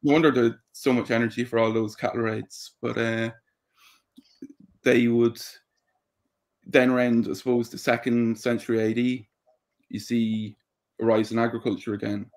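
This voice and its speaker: Irish man from Drogheda explaining calmly. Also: medium pitch, moderate pace, long pauses. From Ireland. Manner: thoughtful, explains at length with many ums. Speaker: podcast guest. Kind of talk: casual interview chat.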